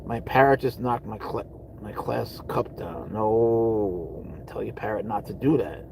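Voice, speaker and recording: A man's voice: lowish voice, unhurried, gravelly, a little mellow, slight background noise, poor audio. Rambling man chatting on a livestream. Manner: rambling, answers chat, trails off into mutters. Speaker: livestream host. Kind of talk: casual live chat with viewers. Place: parked car at a supermarket.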